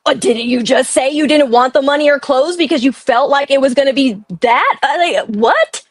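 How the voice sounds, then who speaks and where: High-voiced woman ranting and cussing on a stream, dry close sound. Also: normal speed, no echo. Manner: angry, profane ranting. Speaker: guest. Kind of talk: heated livestream chat.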